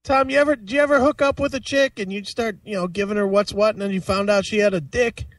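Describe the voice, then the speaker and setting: A man's voice: sits high, steady tone, quick pace, a bit bright, no echo, distant mic. A man hosting a podcast, goading a caller with crude, teasing questions. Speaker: podcast host. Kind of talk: crude comic call-in banter.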